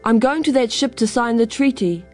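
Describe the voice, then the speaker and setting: Woman doing a patient, earnest storybook chief, fairly high voice, music behind. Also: fairly quick, a little mellow, natural voice. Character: calm Māori chief and father, peace-seeking.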